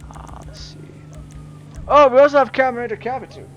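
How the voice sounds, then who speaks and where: A man giving casual, jokey commentary over his own gameplay, chatting to viewers and reacting excitably. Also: very high-pitched, fairly quick, dull audio, a little hiss or hum. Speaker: gaming YouTuber.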